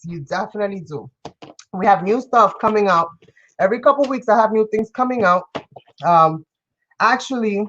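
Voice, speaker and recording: A woman's voice: mid-range voice, dull audio. Effusive New woman hosting a craft stream. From New York. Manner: effusive, greets and thanks viewers by name. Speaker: craft live-stream host. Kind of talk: casual live-stream chat while crafting.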